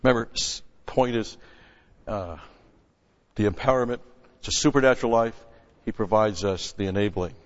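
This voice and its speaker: A man teaching through Bible verses as a pastor, punching key words loudly and then dropping into quick, quieter asides. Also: lowish voice. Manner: emphatic, swells loud on scripture then drops to asides. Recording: lo-fi recording with long hall reverb.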